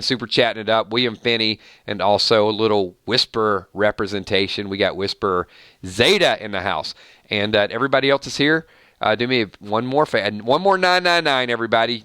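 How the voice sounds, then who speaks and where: A man hosting a casual livestream, chatting loosely and rattling off supporters' names with quick thank-yous. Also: lowish voice, sharp tone, smooth, no echo, clean studio sound. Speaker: livestream host.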